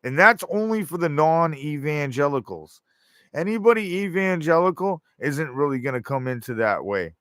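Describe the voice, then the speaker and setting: A man's voice: fairly high pitch, animated, normal speed, fairly bright tone, no echo, clean studio sound. A man delivering a rambling, profane monologue, often acting out quoted voices. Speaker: show host.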